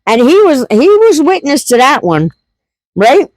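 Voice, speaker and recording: Animated folksy woman storyteller. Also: high voice, unhurried, no echo. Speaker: homesteading vlogger. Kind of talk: casual storytelling.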